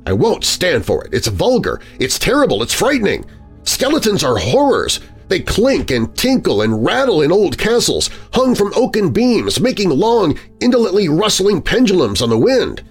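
A man's voice: sits high, huge pitch swings, normal speed, breathy edge, voice pushed up, full character voice. A man voicing a panicked middle-aged man horrified by his own skeleton, his words rising into frantic outbursts, with faint music underneath.

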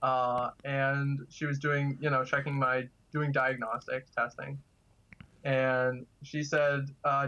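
A man's voice: mid-range voice, level tone, takes it slowly, pushed and bright, highs cut off. A man telling casual stories as a guest, chatty and laughing through his anecdotes. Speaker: guest, kidney donor. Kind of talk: casual storytelling.

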